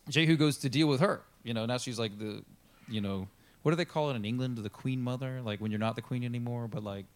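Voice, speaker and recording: A pastor telling a Bible story in a casual, chatty sermon. He is animated and acts out the characters in the story. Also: mid-range voice. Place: church.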